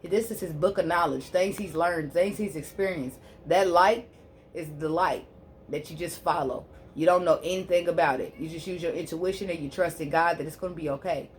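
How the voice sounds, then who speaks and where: Lady doing a tarot reading vlog, low voice, gets preachy and fired up, murmurs prayers to the cards, faint hiss behind her. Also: normal speed. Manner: fervent and preachy, calling out to listeners; softly repeats prayerful invocations while drawing cards. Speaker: spiritual healer and tarot reader.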